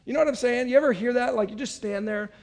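A man preaching a sermon, reading scripture and then retelling the scene for listeners with expressive storytelling and frequent asides. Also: very high-pitched, fast talker, creaky. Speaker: pastor.

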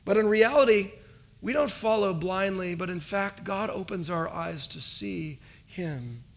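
A man's voice: high-pitched, a little slow. A young adult man preaching an earnest sermon, with dynamic rising emphasis. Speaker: pastor.

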